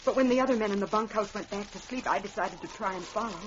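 A woman's voice: medium pitch, fast talker, natural voice. An actress playing an anxious but brave young woman in a radio drama, with an earnest, pleading delivery. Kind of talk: 1940s radio acting. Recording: dull old radio recording with hiss.

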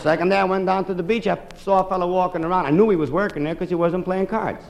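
A man performing a stand-up comedy monologue, telling a long story briskly with deadpan asides. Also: high-pitched, vocal fry, very noisy.

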